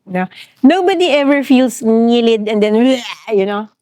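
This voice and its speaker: A middle-aged Filipino woman, a therapist talking in a relaxed podcast interview with a Filipino accent, animated and expressive. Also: a little high, normal speed, no room sound, studio quality. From Philippines. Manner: animated, switches between English and Tagalog. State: grieving. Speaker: trauma therapist guest.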